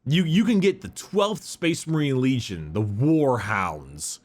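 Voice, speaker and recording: A man's voice: mid-range voice, expressive, slow pace, a little mellow. A man voicing a casual, laid-back male emperor in a raised, slangy voice. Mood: chummy. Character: breezy, casual male emperor, pleased with himself.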